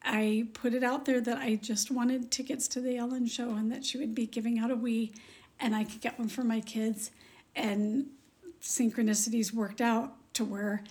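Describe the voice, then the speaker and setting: Woman, podcast co-host, casual storytelling, slightly high voice, animated, acts out the quotes. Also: moderate pace. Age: adult with children.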